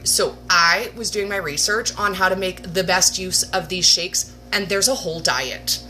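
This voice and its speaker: A woman hosting a livestream, telling a personal story in a casual, animated way with laughs and mock-dramatic asides. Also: mid-range voice, a little slow, few pauses, soft background music. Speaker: livestream host. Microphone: webcam or phone livestream.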